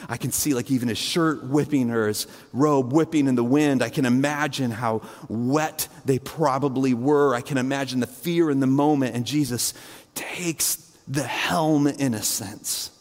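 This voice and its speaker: A male pastor preaching a conversational sermon full of fillers, dropping to a hushed low voice and rising high again as he retells a scene. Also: measured pace, in a large hall. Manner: conversational, imaginative storytelling with many fillers; swings between hushed low and raised high delivery.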